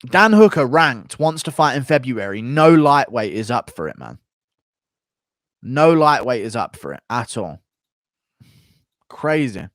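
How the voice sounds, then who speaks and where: An American man hosts a livestream and reacts to chat in a blunt, profane rant. His voice sits in a middle pitch. The recording is dry and close. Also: sing-song, unhurried, long pauses, a bit bright, no echo. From United States. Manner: profane, opinionated ranting. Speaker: streamer host. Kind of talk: livestream commentary, reading donations.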